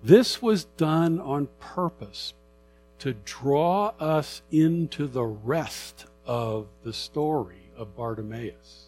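A middle-aged man preaches a sermon at an unhurried pace, in a voice of ordinary pitch. He talks in a conversational way and grows animated while reading scripture aloud. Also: faint music behind. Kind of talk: sermon Bible teaching.

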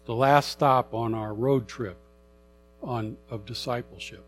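A middle-aged man preaching a sermon, conversational and animated as he reads and explains scripture. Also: mid-range voice, measured pace, slight background noise. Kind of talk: sermon Bible teaching.

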